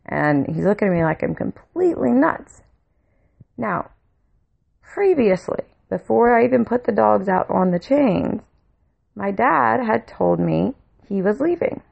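A woman's voice: medium pitch, big pitch swings, a little slow, gravelly, a little mellow. A woman telling a personal story in a casual monologue, blunt and swearing freely. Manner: blunt, swears freely, heated when retelling anger. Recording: dull lo-fi home recording.

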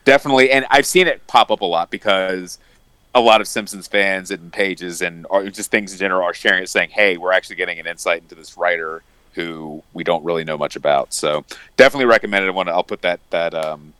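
A man's voice: low-pitched, quick pace, pushed and bright, clean tone, no echo. A young man co-hosting a casual podcast chat, enthusiastic and laughing often as he recounts favourite scenes. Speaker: podcast co-host.

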